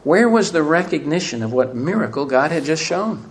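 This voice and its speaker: A man preaching a sermon, asking emphatic rhetorical questions and swinging between loud and hushed delivery. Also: a little high, animated, moderate pace, few pauses. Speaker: pastor.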